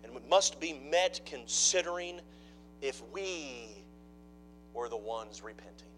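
A man preaching a sermon, dropping to hushed mock-gossip asides and then rising into loud, emphatic preaching. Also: mid-range voice, lively intonation, slow, noisy background. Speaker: pastor.

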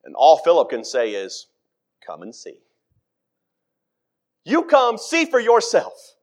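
A middle-aged man preaching a sermon, acting out scripture quotes with dramatic swings in pitch and loudness. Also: huge pitch swings, slow pace.

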